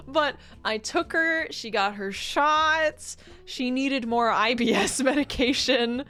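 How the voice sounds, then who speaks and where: A woman's voice: sits high, slow pace, hardly any pauses, sharp tone, clean tone. A woman streamer in casual chat, rambling and laughing often as she reads chat messages.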